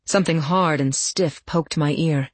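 A woman reading a first-person novel aloud in a steady, even storytelling voice. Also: low voice, measured pace, dry recording. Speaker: audiobook narrator.

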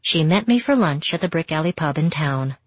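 Husky low-voiced woman narrating a novel. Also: lively intonation, a little fast, highs cut off. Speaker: audiobook narrator. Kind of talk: first-person novel narration.

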